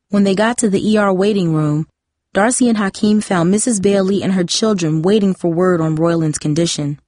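A woman narrating an audiobook in a measured, dramatic reading style. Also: medium pitch, darkish tone, no echo, clean studio sound.

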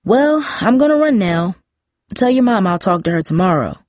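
A woman's voice: medium pitch, big pitch swings, moderate pace, no echo, clean studio sound, close to an everyday voice. A woman voicing a kindly, reassuring middle-aged neighbor in a storybook reading. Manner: warm, reassuring.

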